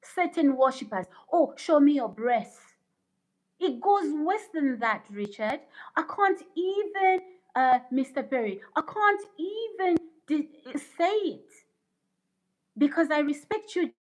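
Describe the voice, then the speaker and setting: A woman chats on her livestream in an unhurried, drawn-out delivery, her voice sitting a little high. She reads viewer comments aloud and lectures in an indignant, preachy tone. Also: low-quality recording. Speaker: livestream host. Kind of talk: casual livestream chat with viewers.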